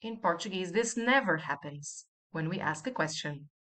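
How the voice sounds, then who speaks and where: A woman's voice: lowish voice, animated, moderate pace, fairly bright tone. A woman teaching a language lesson, patiently repeating each example and asking the listener to say it after her.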